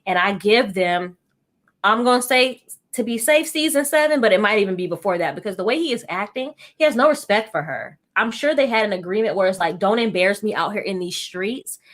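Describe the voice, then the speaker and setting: Chatty woman hosting a gossip recap. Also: mid-range voice. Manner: animated, gossipy, quick asides. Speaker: podcast host. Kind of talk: casual recap chat.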